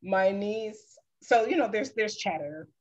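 A guest artist telling a family story on a video call, animated and laughing, acting out the voices of the people she quotes. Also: medium pitch, a little slow, lo-fi sound.

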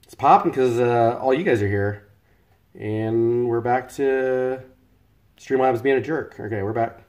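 A man's voice: medium pitch, a little slow, darkish tone, muffled recording. A man from the United States hosting a home cooking live stream, chatting casually and greeting viewers by name as he cooks.

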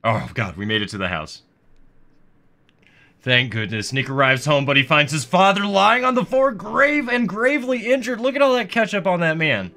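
A man gives goofy, sarcastic let's-play commentary, swearing and getting excited as he plays. His voice sits fairly high and sounds bright and forceful. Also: normal speed. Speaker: gaming video host.

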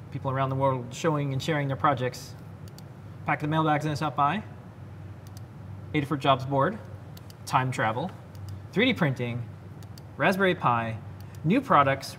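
A man's voice: a little high, lively intonation, normal speed, pauses often, a bit bright, a little hiss or hum. A man co-hosting a live electronics show, casually running through announcements and show segments. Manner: laid-back, rattles off announcements. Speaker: co-host.

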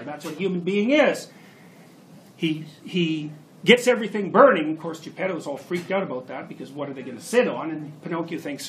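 A male lecturer with a high voice tells a story to his class in an animated way. He speaks with sudden emphatic bursts. Faint noise sits behind him. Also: normal speed. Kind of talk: university lecture. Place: lecture hall.

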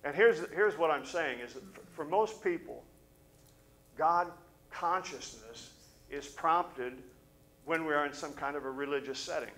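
A man's voice: fairly high pitch, measured pace, low-quality recording. Man preaching a story-filled sermon. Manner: animated storyteller, acts out quoted voices. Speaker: pastor. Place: church service.

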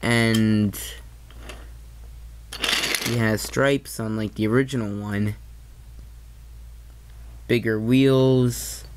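A man's voice: lowish voice, fairly even intonation, very slow, long pauses, darkish tone, slight background noise. A man giving a casual toy train review, hesitant and often correcting himself mid-sentence.

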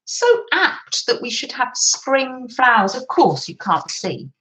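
A woman's voice: on the high side, sing-song, slow, sharp tone, low-quality recording. A woman chatting through a craft session at her desk, gushing over papers and cooing about how lovely everything is. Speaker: craft vlogger. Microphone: camera on desk.

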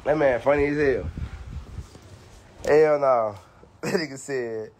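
A man's voice: mid-range voice, a little slow, long pauses, darkish tone. A young man and father, chatting casually on a vlog while he films his toddler, laughing and teasing in a loose, profane way. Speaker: vlogger and father. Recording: noisy home video.

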